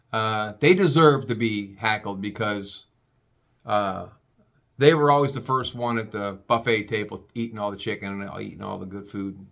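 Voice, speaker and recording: A man's voice: fairly low pitch, a bit bright. A man ranting in a rambling, crude comic way, stammering and restarting often.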